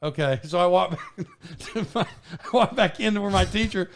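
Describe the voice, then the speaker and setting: A man hosting a podcast, telling a story in a casual, animated way with frequent laughs and restarts. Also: high voice, normal speed, a little hiss or hum. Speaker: podcast host.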